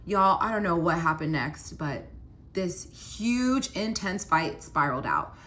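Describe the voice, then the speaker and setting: A woman's voice: lowish voice, lively intonation, a little slow, fairly bright tone, a little hiss or hum. A young woman casually telling a personal story, chatty and full of "like" fillers. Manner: chatty, many "like" fillers, upset retelling.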